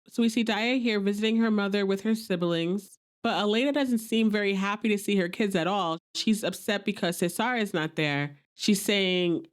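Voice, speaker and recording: A young woman hosting a podcast, casually recapping a TV episode, chatty and sympathetic, sometimes acting out the characters' lines. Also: fairly low pitch. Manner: chatty, reacts with sympathy and disbelief, briefly acts out quoted lines.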